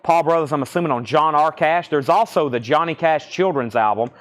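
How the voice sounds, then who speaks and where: A man hosting a live online record auction, calling out titles, prices and bidders in a brisk, businesslike patter. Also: a little high. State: throat a bit choked, coughing.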